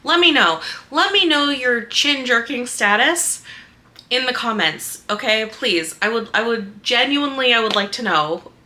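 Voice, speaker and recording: A young woman chats straight to the camera about a book she just finished. Her voice sits a little high and sounds bright and forward. She rambles and loops back on her points in an easygoing vlog manner. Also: expressive, unhurried. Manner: chatty, rambling, repeats herself. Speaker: book reviewer. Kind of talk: casual vlog chat.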